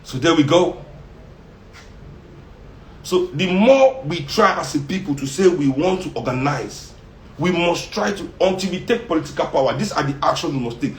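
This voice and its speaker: A man's voice: on the high side, lively intonation, moderate pace, slight background noise. A man with a Nigerian accent giving an impassioned monologue, fiery and laughing often as he slips into pidgin. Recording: roomy echo.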